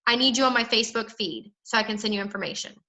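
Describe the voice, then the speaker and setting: A woman's voice: a little high, fairly even intonation, fast, bright, forceful tone, rough recording. A woman coaching her sales team on a call, chatty and emphatic, often acting out what she would say to people. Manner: chatty, emphatic, acts out dialogue. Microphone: phone or call audio.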